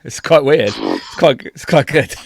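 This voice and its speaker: Sweary, animated podcast guy. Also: fairly high pitch, slow, a little hiss or hum. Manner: sweary, laughing, animated storyteller. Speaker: podcast co-host. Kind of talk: casual storytelling chat.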